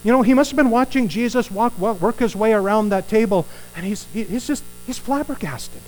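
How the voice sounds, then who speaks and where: A male preacher delivering a conversational sermon in a voice pitched a little above the usual for a man. He talks in an animated way and keeps turning to his listeners with rhetorical questions, with a faint hum underneath. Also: a little fast, rough recording.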